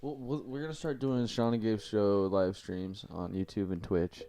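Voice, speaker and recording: Laid-back young man with a mellow voice. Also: lowish voice, steady tone, moderate pace. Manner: laid-back, swears casually. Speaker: podcast co-host. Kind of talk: casual chat.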